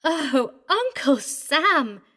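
A man's voice: very high voice, very animated, takes it slowly, voice pushed up, exaggerated voice. A man voicing a sly, sinister eight-year-old girl who lisps and giggles. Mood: giggly. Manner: lisping, giggly, taunting. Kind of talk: audiobook reading.

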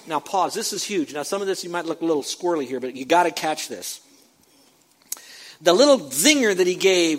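A man preaching a sermon as pastor, emphatic, repeating phrases for stress and dropping into quiet asides. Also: a little high, animated, fairly quick.

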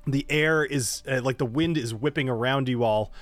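A man's voice: mid-range voice, no echo, faint music behind. A man running a tabletop game as game master, narrating the scene with many fillers. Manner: descriptive, halting, with many fillers.

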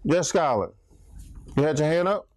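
A man's voice: fairly high pitch, expressive, normal speed. A middle-aged man preaching an interactive Bible study, telling stories and chatting back and forth with his congregation.

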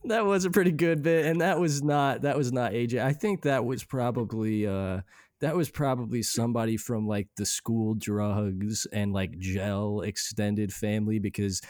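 A man's voice: medium pitch, steady tone, normal speed, a little mellow, dry recording, studio quality. A man co-hosting a podcast in casual chat, rambling with fillers and swearing as he plays back caller messages.

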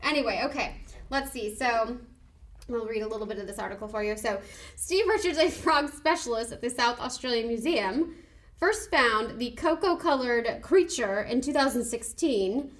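High-voiced, gushing woman podcast host. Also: normal speed. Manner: gushing, excitable, giggly. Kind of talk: casual podcast chat.

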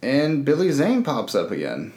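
A man's voice: medium pitch, huge pitch swings, moderate pace, darkish tone, slight background noise. Wry man in casual chat, roomy echo. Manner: wry, jokey asides with laughter. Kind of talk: casual movie recap chat.

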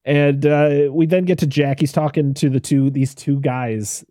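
A man's voice: on the high side, steady tone, a little slow, mellow, no echo, clean studio sound. A man co-hosting a film podcast, chatting casually and retelling scenes while laughing often. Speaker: podcast co-host. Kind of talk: casual film-review chat.

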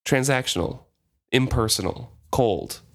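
A man co-hosting a casual book discussion who reads passages aloud and talks in a relaxed, conversational way. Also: medium pitch, measured pace.

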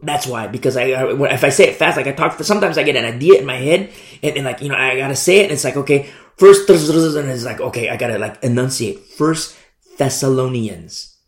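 A man preaching a Bible sermon in an animated way, acting out quoted voices and stumbling over words. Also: mid-range voice, fast, roomy sound.

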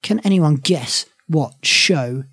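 Husky, playful woman hosting. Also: low-pitched, lively intonation, slow, fairly bright tone, no room sound. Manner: playful, giggly, announces results. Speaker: podcast host running a quiz. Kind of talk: casual chat.

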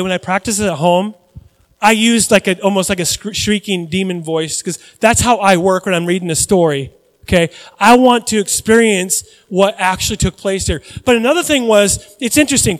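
A man's voice: sits high, fairly quick, in a large hall. A man preaching a sermon in church, conversational with dramatic rises and personal asides. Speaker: pastor.

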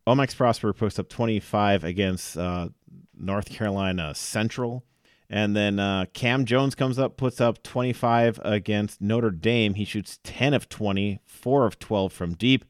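A man's voice: fairly low pitch, clean tone, no room sound, clean studio sound. A man co-hosting a casual sports podcast, reeling off game stats with fillers and small laughs.

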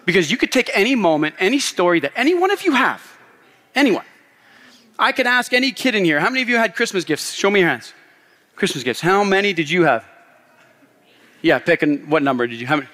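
A pastor in his thirties tells a story from the pulpit, animated and quick to laugh. His voice sits a little high for a man. The sound carries a long reverb from the church hall. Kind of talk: sermon. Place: church sanctuary.

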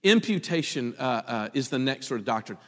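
A man preaching a sermon in an animated, conversational way, often laughing as he talks. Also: mid-range voice, a little fast, in a large hall.

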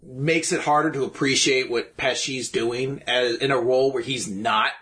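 A man's voice: mid-range voice, steady tone, moderate pace, a crowd in the background. A man co-hosting a podcast, chatting casually about a film, with many fillers and restarts. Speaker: podcast co-host. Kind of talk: casual movie chat.

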